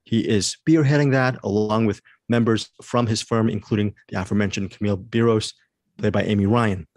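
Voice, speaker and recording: Guy hosting a movie podcast, lowish voice, dry close sound, gets excited and restarts sentences. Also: a little fast, dry recording. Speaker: podcast host. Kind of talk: casual movie review chat.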